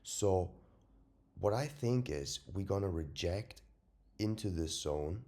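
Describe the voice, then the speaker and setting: A man walks through a market chart at an unhurried pace in a low, warm voice. He talks bluntly and mocks himself, punching his warnings out loudly and then dropping to a whisper. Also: lively intonation. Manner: swings from loud emphatic warnings to whispered asides; profane, blunt and self-mocking. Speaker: trading video host. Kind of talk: casual chart analysis talk.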